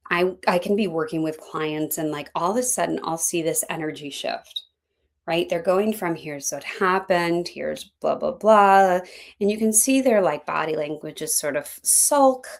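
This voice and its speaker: A middle-aged woman coach teaching a class in a chatty, animated way, often acting out what her clients say. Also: lowish voice. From Philadelphia. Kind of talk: teaching an online class, conversational.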